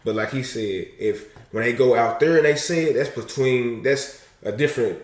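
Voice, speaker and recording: A man's voice: mid-range voice, normal speed, far from the mic. Rambling man in an echoey room. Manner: rambling, many restarts and "you know what I mean". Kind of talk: casual discussion.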